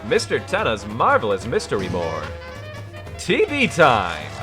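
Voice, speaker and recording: A man voicing a showy TV-headed male game show host with a put-on mid-Atlantic accent and a booming, salesy delivery. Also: wildly swooping pitch, measured pace, over music. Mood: announcing.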